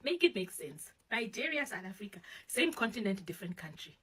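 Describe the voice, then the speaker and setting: Woman, husky voice, lively swings in pitch, emphatic. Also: brisk, rough recording. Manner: incredulous, emphatic. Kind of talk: reaction video commentary.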